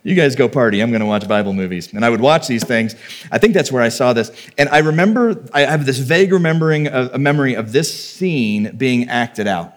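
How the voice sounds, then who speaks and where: A man preaching a sermon in a relaxed, conversational way, reading Bible passages and then retelling them with feeling. His voice sits at an ordinary pitch for a man. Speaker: pastor.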